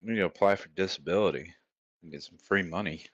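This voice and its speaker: A man with a very low voice teases his friend and jokes around on a group call. The sound is dry and close. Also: quick pace, fairly bright tone, dry recording, dull audio. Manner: teasing, joking. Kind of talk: casual chat.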